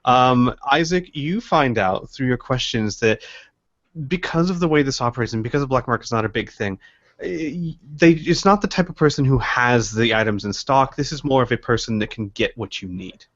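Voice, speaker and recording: A man's voice: medium pitch, normal speed, a bit bright, lo-fi sound. Hesitant man running a tabletop game. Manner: hesitant, rambling, lots of ums and restarts. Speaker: game master.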